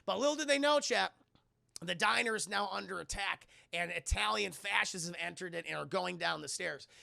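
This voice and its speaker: A man giving a casual, profane livestream film review, excitable and often talking to his chat while acting out characters in loud voices. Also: high voice, brisk, gravelly, no room sound, studio quality.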